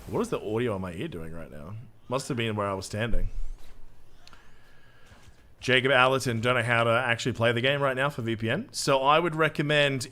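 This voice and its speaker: An Australian man streams a game and chats casually with his viewers, reading chat and giving live gameplay commentary. He's jokey and self-mocking and swears freely, in a medium-pitched, slightly bright voice.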